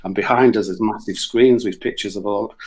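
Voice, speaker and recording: A man's voice: on the low side, brisk. A middle-aged man with a Yorkshire accent, telling crude, sweary stories in a casual chat on a radio show. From Yorkshire, England. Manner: crude, swearing, animated anecdotes with put-on voices.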